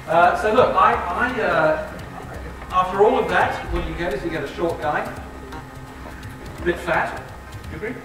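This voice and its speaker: A high-pitched, slightly slow man with an English accent, from England, pauses often as he gives a live talk over music. As a guest speaker in a lecture hall, he jokes about himself and quizzes the audience. The distant mic picks up a very echoey, noisy room.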